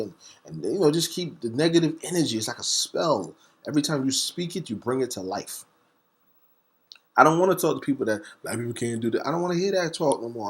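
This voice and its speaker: This is a host's impassioned monologue, spoken by a man in a mid-range voice who sounds like a fiery preacher. He spells words out one letter at a time, moving back and forth between fast bursts and deliberate, stressed words.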